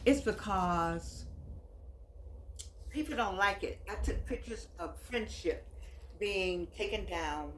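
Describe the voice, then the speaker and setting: A woman in her eighties talking in a casual, rambling monologue, emphatic and full of restarts as she reflects. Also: on the low side. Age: 80s. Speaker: author and vlogger. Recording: echoey room with faint background noise.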